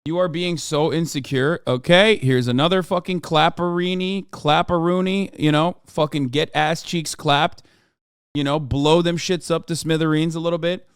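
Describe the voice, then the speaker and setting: Brief: man in his thirties, streamer arguing with chat, fast profane rants, high clear voice, dry close sound. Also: fairly even intonation, no room sound. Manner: profane, ranting at chat, swings to yelling. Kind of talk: live stream reaction and chat rant.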